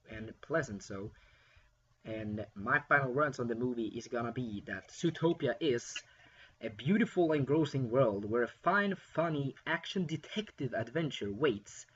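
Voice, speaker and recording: Husky-voiced man reviewing a film. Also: medium pitch, muffled recording. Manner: rambling, frequent fillers and restarts. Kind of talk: casual spoken film review.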